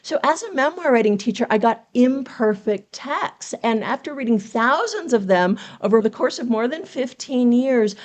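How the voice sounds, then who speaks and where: Teacherly woman with a bright, higher voice. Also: animated, moderate pace, hardly any pauses. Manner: teacherly, earnest, explains step by step with rhetorical questions. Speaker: memoir writing coach, podcast guest. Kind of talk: explanatory interview talk.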